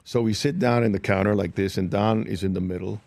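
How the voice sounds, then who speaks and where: A man, an actor guest in a studio interview, telling anecdotes in a lively, casual way. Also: lowish voice, fairly quick, creaky, no echo. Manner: animated anecdotes with acted-out quotes. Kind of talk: studio interview chat, storytelling. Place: radio show studio.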